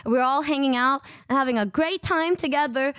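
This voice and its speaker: A young woman tells stories in a casual, slangy rush, swearing and laughing as she goes. Her voice sits high and bright. The sound is dry and close to the mic. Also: a little fast, dry recording. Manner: excitable, swearing, slangy, laughs often, acts out quotes. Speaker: streamer telling trip stories. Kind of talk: casual storytelling.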